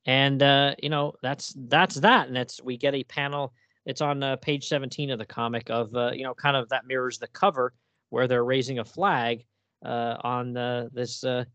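An excited man hosts a casual podcast chat. His voice sits at a middling pitch and sounds dry and close. He laughs often and trips over restarts as he talks. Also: normal speed, no echo. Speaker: podcast host.

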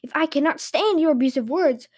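A woman voicing a blustering, dim-witted giant man who shouts his questions. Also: sits high, a little fast, pitched above the performer's own voice, close to an everyday voice. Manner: loud, demanding questions.

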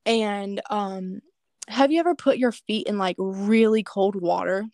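A woman's voice: mid-range voice, unhurried, dry recording, studio quality. Earnest woman telling a personal story. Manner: earnest and animated, with casual fillers. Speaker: guest sharing a testimony.

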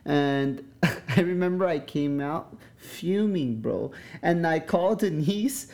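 Young male co-host, mellow tone, rambling and hedging, slangy. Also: on the high side, slow. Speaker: podcast co-host. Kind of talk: casual chat.

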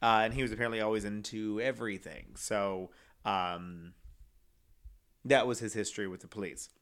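A man's voice: on the low side, fairly even intonation, normal speed, fairly bright tone. A young man telling a true-crime story in casual chat, rambling with many fillers and reading quotes aloud. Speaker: co-host.

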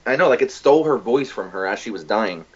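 A man with a low, husky voice talks loosely and excitedly, piling on fillers and swear words as he recounts things. The recording is a bit dull and lo-fi, like a home podcast setup. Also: fast. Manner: rambling, profane, animated retelling. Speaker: podcast co-host. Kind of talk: casual chat.

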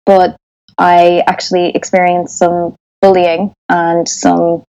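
A woman's voice: on the low side, completely flat delivery, takes it slowly, mellow, lo-fi sound. Chatty Irish woman, sound engineer. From Ireland. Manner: chatty, with frequent restarts and laughter. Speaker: sound engineer, interview guest. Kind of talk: casual interview.

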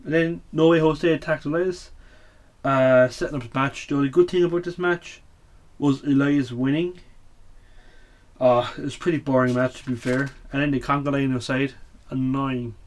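A man's voice: medium pitch, fairly even intonation, moderate pace. A man hosting a casual show recap, blunt and opinionated, swearing often and full of fillers. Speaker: wrestling podcast host.

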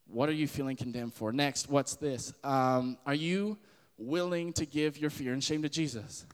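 A man's voice: medium pitch, moderate pace, clean tone, long reverb tail. A man in his twenties giving a casual spoken sermon as a podcast host, earnest and conversational. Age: 20s. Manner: earnest and conversational, with frequent laughs and fillers.

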